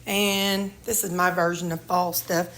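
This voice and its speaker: A woman's voice: lowish voice, flat delivery, a little slow, a bit bright. Casting note: easygoing Missouri woman, home vlogger, rambling and chatty, filmed on a handheld phone. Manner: rambling, chatty, talks to her dogs. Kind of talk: casual home tour vlog. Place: her house, indoors.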